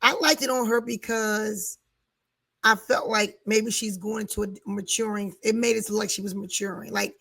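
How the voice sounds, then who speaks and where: A middle-aged woman co-hosting a casual chat, relaxed and laughing often. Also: mid-range voice, normal speed, gravelly. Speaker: co-host.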